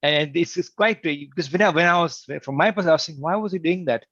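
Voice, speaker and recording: A man on a livestream panel telling anecdotes, animated and acting out the quotes in his stories. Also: a little high, quick pace, no echo, muffled recording. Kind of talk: anecdotal storytelling in discussion.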